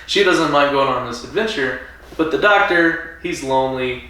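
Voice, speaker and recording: A man's voice: mid-range voice, lively intonation, normal speed, bright, forceful tone, very echoey, recorded from a distance, low-quality recording. A man co-hosting a casual podcast over drinks, joking and laughing often. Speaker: podcast co-host. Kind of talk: casual chat while drinking.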